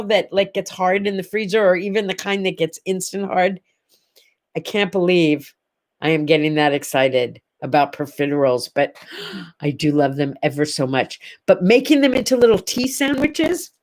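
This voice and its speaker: A middle-aged woman hosting a casual morning chat show, talking straight to the camera in a gushing, rambling way full of asides. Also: mid-range voice. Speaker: host.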